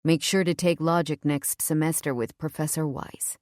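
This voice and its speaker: A woman voicing an intense, possessive young man in an audiobook, in a low, murmured, earnest way. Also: steady tone, normal speed, darkish tone, no echo, clean studio sound, lightly acted. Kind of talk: audiobook character voice.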